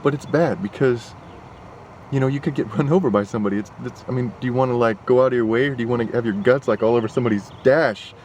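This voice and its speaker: A man's voice: mid-range voice, fast, a little mellow, a little hiss or hum. A young man talking casually in a vlog, rambling and worked up, full of fillers and asides. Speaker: vlogger. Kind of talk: casual chat. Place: partly in a car.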